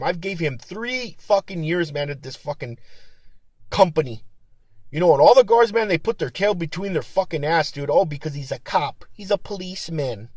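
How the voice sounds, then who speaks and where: Man, somewhat high voice, heated and profane rants, dry close sound. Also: a little mellow, no echo. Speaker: security guard supervisor. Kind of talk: casual venting monologue.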